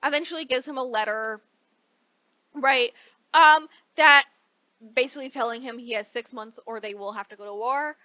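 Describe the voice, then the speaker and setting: A woman with a high voice retells a novel's plot on a podcast in fast, animated chatter, tossing in "like" and "right?" and the odd casual curse. The sound is dry with no room echo and a little muffled, as from a modest home setup. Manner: animated storytelling, peppered with "like" and "right?"; swears casually. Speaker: podcast co-host. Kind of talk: casual book recap chat.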